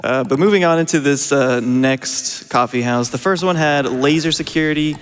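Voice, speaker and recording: A man's voice: fairly high pitch, moderate pace, in a large hall, slight background noise. A young man playing a speedrun at a charity event, casually explaining the route and laughing often. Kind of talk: casual live commentary while playing.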